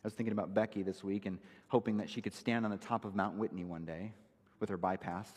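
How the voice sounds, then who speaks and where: A man's voice: on the low side, steady tone, quick pace, a little mellow, slightly rough, big-room sound. A male pastor preaching an emphatic, verse-by-verse expository sermon in a church sanctuary.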